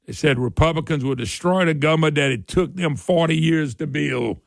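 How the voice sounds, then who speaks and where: A middle-aged talk radio host with a raised, gravelly voice tears through a heated political monologue. He hammers his points again and again and gets louder and higher as he heats up. The sound is close and dry in a studio. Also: normal speed, no echo. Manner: fiery and emphatic, repeats points, rises sharply when worked up.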